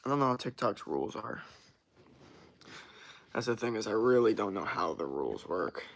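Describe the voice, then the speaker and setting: A young man chatting casually on a morning livestream, loose and rambling, swearing often, with a rough morning voice. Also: on the low side, big pitch swings, normal speed, fairly bright tone. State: morning voice, sore from workout. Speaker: streamer.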